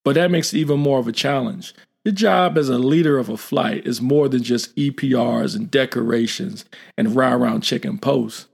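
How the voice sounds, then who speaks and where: A man's voice: mid-range voice, normal speed, vocal fry, few pauses, breathy edge. A man in a casual conversation, talking about leadership and acting out bits of quoted dialogue. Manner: animated, acts out quoted dialogue. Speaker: military leader. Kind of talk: casual podcast chat.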